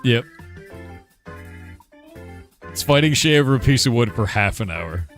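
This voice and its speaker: A middle-aged man streaming a casual chat about making his game, laid-back and quick to laugh, calling people "dude" and reading chat questions aloud. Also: medium pitch, expressive, fairly bright tone, faint music behind. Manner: reads chat questions aloud and answers them.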